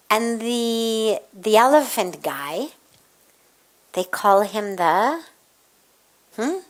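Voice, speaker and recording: A woman spiritual teacher giving an evening satsang talk, telling a story in measured, deliberate phrases and acting out the voices in it. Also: on the high side, animated. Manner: storytelling, acts out quoted voices.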